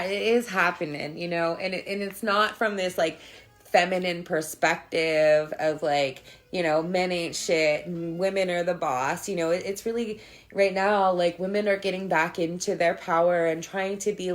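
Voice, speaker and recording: A woman's voice: lowish voice, fairly even intonation, measured pace, soft background music. Woman, livestream host, casual spiritual chat, profane, candid, laughs often.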